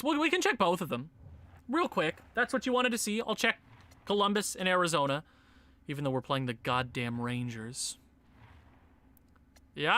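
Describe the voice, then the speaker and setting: A young man giving casual commentary on a hockey video game, muttering and then breaking into excited shouts. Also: fairly high pitch. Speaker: gaming YouTuber.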